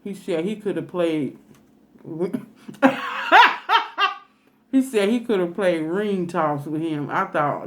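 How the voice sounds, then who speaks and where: A woman's voice: lowish voice, takes it slowly, pauses often, darkish tone. A woman food vlogger telling a funny story in a chatty, folksy way while eating, with laughing asides.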